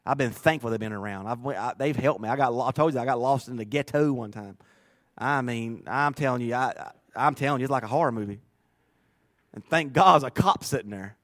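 A middle-aged man preaching a sermon, moving from low, confiding murmurs to loud, fervent preaching. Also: a little fast, dry recording. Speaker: pastor.

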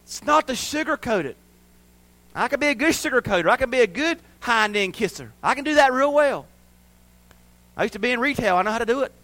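A man preaching a sermon as pastor, impassioned and folksy, dropping from loud declarations to hushed passages. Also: extremely high pitch, lively intonation, quick pace, no room sound. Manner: impassioned, swings between loud declarations and hushed, quiet stretches; folksy and plainspoken.

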